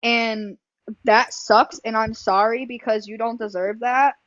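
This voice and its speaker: A woman's voice: a little high, steady tone, measured pace, fairly bright tone, no echo, muffled recording. A woman hosting a livestream, talking bluntly and emphatically, swearing and repeating herself. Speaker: livestream host. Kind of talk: heated livestream talk.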